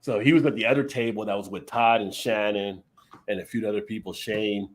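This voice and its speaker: A man's voice: lowish voice, fairly even intonation, fairly quick. A man in casual chat on a live stream, telling rambling beer-trip stories and laughing often. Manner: rambling anecdotes with frequent laughter.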